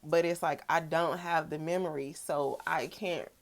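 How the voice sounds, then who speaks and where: Candid low-voiced young woman vlogging. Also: fairly even intonation, unhurried. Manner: candid, emotional, swears freely, repeats phrases. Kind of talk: personal vlog monologue.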